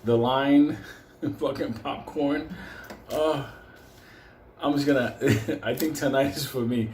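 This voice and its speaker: Brief: joking, swearing man host in a roomy space with faint noise, loose and rambling, mid-pitched. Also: steady tone, slow, darkish tone. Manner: profane, laughs often, loose and joking. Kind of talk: casual rambling rant.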